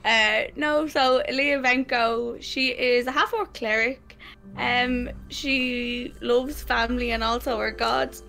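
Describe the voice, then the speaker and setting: A woman's voice: fairly high pitch, fairly even intonation, slow, gravelly, sharp tone, soft background music. A woman player casually introducing her tabletop character, laid-back and giggly.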